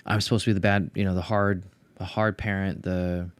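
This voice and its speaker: A middle-aged man with a fairly low voice hosts a podcast interview. He asks thoughtful, searching questions and keeps restarting his phrases. The sound is dry and close, with little room in it. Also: level tone, a little fast, no echo. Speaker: podcast host.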